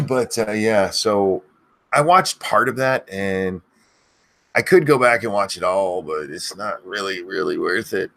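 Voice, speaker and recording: A middle-aged man hosting a live stream, chatting casually and crudely, swearing freely, and bursting into high-pitched shouts of viewers' names. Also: lively intonation, a little slow.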